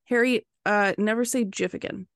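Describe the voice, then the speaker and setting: A woman's voice: mid-range voice, fairly even intonation, normal speed, dry recording. A woman co-hosting a casual podcast who throws in short teasing quips. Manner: dry quips and teasing interjections. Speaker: podcast co-host. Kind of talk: casual chat.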